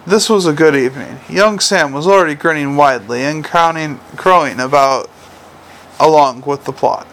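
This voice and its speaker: A man's voice: fairly high pitch, moderate pace, a bit bright, rough recording. Man narrating a novel, dry and wry.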